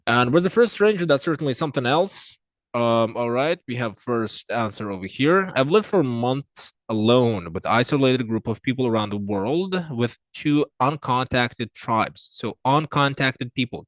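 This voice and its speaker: A man teaching an exam reading lesson, working through answers aloud with frequent fillers, restarts and swings in pitch and loudness. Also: lively intonation, normal speed, no echo. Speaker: IELTS tutor. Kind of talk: screen-recorded reading lesson.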